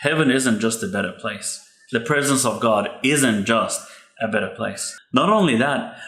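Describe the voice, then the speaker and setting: Earnest man in an echoey room. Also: medium pitch. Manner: earnest, gentle, heartfelt. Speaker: podcast host, pastor's son. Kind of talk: advice talk on grief.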